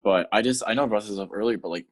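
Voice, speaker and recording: A man's voice: fairly low pitch, rapid-fire. A man co-hosting a podcast in casual chat, rambling with lots of fillers and acting out scenes in silly voices. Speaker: podcast co-host.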